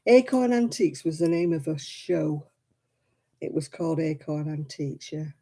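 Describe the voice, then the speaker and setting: Crocheting live on stream, a woman from Oldham, England, speaks with a Lancashire accent in a low, mellow, warm voice at a moderate pace. She's chatty and relaxed, responding to viewers' comments and laughing easily throughout the casual chat.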